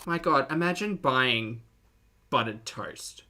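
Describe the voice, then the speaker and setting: Aussie male streamer, sunny forceful tone, giggly and chatty, reads chat aloud. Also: medium pitch, expressive, slow, slight background noise. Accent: Australian. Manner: chatty, laughs often, reads out chat messages. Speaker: streamer reacting to videos. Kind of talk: live reaction stream, casual chat.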